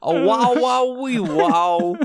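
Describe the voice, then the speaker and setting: A booming, hammy cartoon plumber, put on by a man. The voice is high and bright, with every phrase delivered like a grand entrance. It is recorded dry and close. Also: lively intonation, takes it slowly, no room sound, heavily acted. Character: cheerful cartoon plumber hero, adult man.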